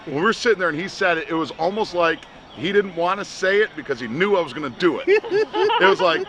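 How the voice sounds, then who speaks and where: Lively man rambling through a funny story. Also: high voice, fairly quick. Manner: laughing, rambling anecdotes. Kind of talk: casual interview chat. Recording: outdoor interview with clear street noise.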